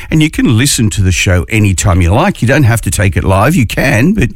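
A man's voice: fairly low pitch, very animated, no room sound. Brief: Australian man, morning radio fill-in host, jokey and chatty, close dry mic. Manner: chatty, jokey, drawn-out phrasing. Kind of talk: casual morning radio chat.

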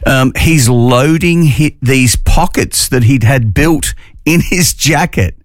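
A man's voice: mid-range voice, takes it slowly, dry recording. A man with an Australian accent, hosting a casual talk radio show in a studio, chatting and telling corny jokes. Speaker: radio host.

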